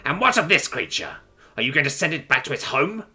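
An enraged female alien ship queen, as a man voices her screeches her demands. The tone is bright and the pitch lively, over faint music. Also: a little fast, full character voice.

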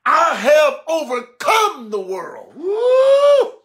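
A preacher man with a strikingly high voice delivers a sermon. He swings from ringing shouts and exclamations down to quiet, hushed lines, and he keeps calling on his listeners to respond. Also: animated, normal speed.

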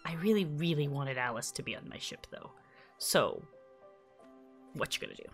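A woman's voice: extremely low pitch, wildly swooping pitch, moderate pace, creaky, faint music behind. A woman casually commenting while playing a video game, giggly and chatty, often confused. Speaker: gaming YouTuber. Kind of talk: casual let's play commentary.

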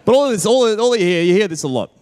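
Young male stand-up, high voice, wry mocking delivery with quick impressions. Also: animated, a little mellow. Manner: wry, mocking impressions, laughs at own jokes. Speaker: stand-up comedian. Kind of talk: stand-up routine. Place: comedy stage before a live audience.

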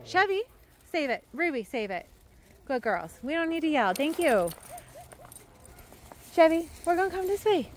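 A woman's voice: very animated, moderate pace, long pauses, a little hiss or hum. A woman walking a large pack of dogs outdoors, chatting casually to the camera and calling out to the dogs in a sing-song voice. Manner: switches to high sing-song praise when calling the dogs. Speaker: dog walker. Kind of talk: casual vlog narration while walking dogs. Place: outdoors on a trail near a river.

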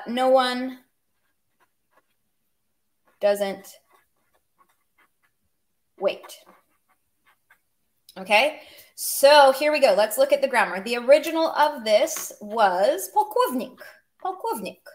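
Upbeat woman, casual teacher, higher voice, explains plainly with humorous asides. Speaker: language teacher. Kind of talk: casual online language lesson.

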